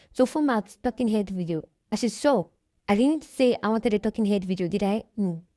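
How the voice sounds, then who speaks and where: A woman's voice: mid-range voice, mellow, no echo, clean studio sound. A woman giving a casual screen-share tutorial, reading the on-screen text aloud and explaining each step in a chatty way. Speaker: tutorial creator.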